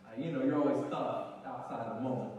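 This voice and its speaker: A man's voice: medium pitch, quick pace, crowd noise. A man preaching a sermon to a church congregation, telling a personal story in a chatty way and acting out the voices in it. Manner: conversational, animated, acts out quoted voices. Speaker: pastor. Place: church sanctuary. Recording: roomy hall sound, mic at a distance.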